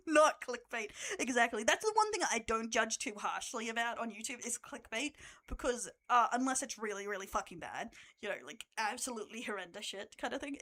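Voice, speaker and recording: A woman's voice: fairly high pitch, fairly bright tone. A young Australian woman streaming live, chatting casually with her viewers, laughing often and swearing as she teases.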